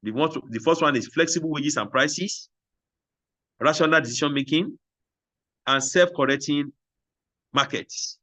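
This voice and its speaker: A man giving a classroom lecture, who asks questions and answers them himself, and repeats key phrases slowly so the class can write them down. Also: fairly high pitch, bright, forceful tone.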